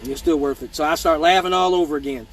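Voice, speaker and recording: A man telling profane childhood stories in a casual live stream, animated and mimicking voices, with hiccups. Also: on the high side, quick pace, a little hiss or hum, poor audio. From Michigan. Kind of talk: casual storytelling.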